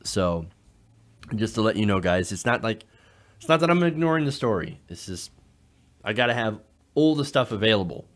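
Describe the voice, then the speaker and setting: A man hosting a political commentary show, talking in an animated way with frequent fillers and restarts. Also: on the low side, moderate pace, pauses often.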